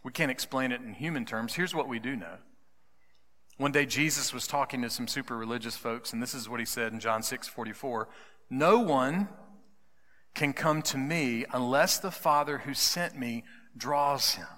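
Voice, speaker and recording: Preacher with a dramatic whisper in a hall. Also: male voice, medium pitch, normal speed. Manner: dramatic, drops to hushed whispers for emphasis. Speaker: pastor. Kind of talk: sermon.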